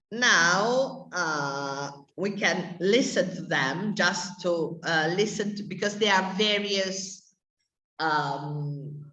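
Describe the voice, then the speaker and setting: A woman teaching English to adults speaks slowly and pauses often as she explains. Her voice is bright and a little low, and the room adds an echo. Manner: slow, careful explaining with many pauses. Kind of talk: adult language lesson.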